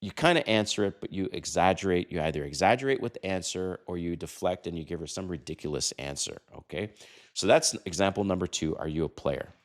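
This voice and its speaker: A brash man in his fifties talks straight to the camera about dating and does not hold back on the swearing. His voice sits low, but his pitch swings widely as he punches words and drops into quick mimicry. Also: animated. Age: 50s. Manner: brash, emphatic, swears, mimics quoted lines in a higher voice. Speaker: dating advice host. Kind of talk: casual talking-head advice monologue.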